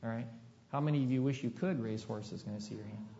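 A middle-aged pastor tells a story from the pulpit in an easy, folksy way and keeps turning to the congregation with questions. His voice sits at an ordinary pitch. It rings through a large hall with a long echo, and the recording sounds dull and muffled. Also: quick pace, dark tone. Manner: folksy, conversational, asks the audience questions. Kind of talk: storytelling sermon.

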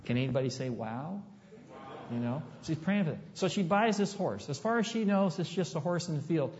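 Folksy pastor in a reverberant hall. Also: male voice, a little high, expressive, brisk, darkish tone. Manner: folksy, conversational, asks the audience questions. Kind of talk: storytelling sermon. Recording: dull, long hall reverb.

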